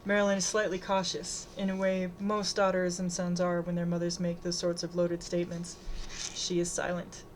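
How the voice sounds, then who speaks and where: A woman narrating a novel aloud in a steady, plain reading voice. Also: lowish voice, moderate pace, a little hiss or hum, low-quality recording.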